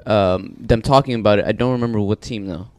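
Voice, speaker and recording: A man's voice: lowish voice, quick pace, darkish tone, no room sound. A man from California, co-hosting a casual podcast chat over beers, telling rambling stories and swearing freely. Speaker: podcast co-host.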